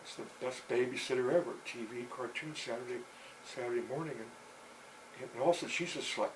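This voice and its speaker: An older man telling a long story out loud, halting, with many fillers and restarts. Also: medium pitch, noisy background. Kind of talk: rambling spoken storytelling.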